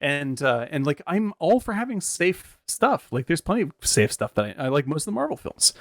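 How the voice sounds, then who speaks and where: Rambling, gravelly-voiced man chatting casually. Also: fairly high pitch, very animated, brisk, no echo. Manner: rambling, laughs often, swears casually. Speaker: podcast co-host. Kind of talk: casual movie podcast chat.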